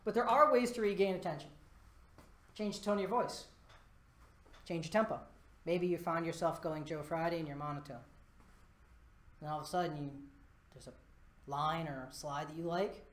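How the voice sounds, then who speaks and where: A man giving a live conference talk, lively and self-deprecating, walking around the stage as he speaks. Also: fairly high pitch, moderate pace, pauses often. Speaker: conference presenter. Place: presentation room before a live audience. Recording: echoey presentation room.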